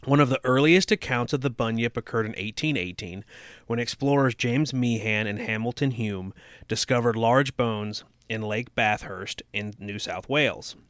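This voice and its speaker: A man's voice: medium pitch, moderate pace, a bit bright, no echo. A young man co-hosting a podcast, reading aloud and chatting casually, cracking dry jokes and swearing. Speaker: podcast co-host.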